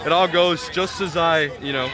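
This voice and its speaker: A man's voice: a little high, fairly even intonation, moderate pace. A man working as an independent journalist, reporting live and interviewing people at a street protest in a casual, polite way. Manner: casual, polite, explains plainly to his viewers. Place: outdoors at a city protest. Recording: busy outdoor crowd and traffic noise. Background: crowd and traffic noise.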